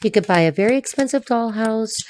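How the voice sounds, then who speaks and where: A woman's voice: fairly high pitch, animated, fairly quick, a little mellow, a little hiss or hum. A woman from the United States giving a chatty, blunt tarot reading, swearing freely as she talks. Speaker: tarot reader. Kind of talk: casual solo tarot reading to camera.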